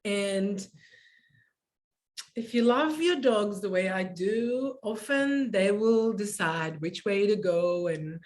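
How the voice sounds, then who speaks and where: A woman's voice: mid-range voice, expressive, takes it slowly. Brief: woman guest in a casual interview, heartfelt storyteller who laughs easily, mid-range voice. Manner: emotional, laughs while telling stories.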